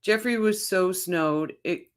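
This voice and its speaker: A woman's voice: lowish voice, slow, clear, resonant tone. Woman, livestream host, casual chat, frequent laughs, talks to viewers by name. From Canada, Ontario. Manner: chatty, laughs often, addresses viewers by name.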